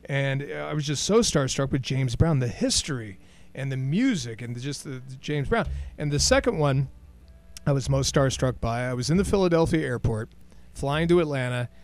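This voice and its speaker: A man co-hosting a casual chat, telling stories in an animated way and acting out his own starstruck reactions. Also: medium pitch, normal speed. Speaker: radio show co-host.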